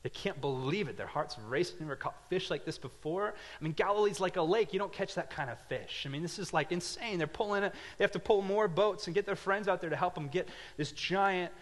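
A man preaching in a big, reverberant hall, his voice sitting a little high for a man. He tells the story with lively swings, dropping to quiet asides and then rising to loud, emphatic lines. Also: a little fast, hardly any pauses. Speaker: pastor. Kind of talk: sermon.

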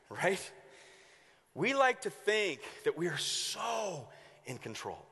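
A man preaching a sermon as pastor, telling stories in an animated way and acting out the voices of the people in them. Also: high voice, extremely slow, creaky, husky, in a large hall. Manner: animated storytelling with acted-out voices.

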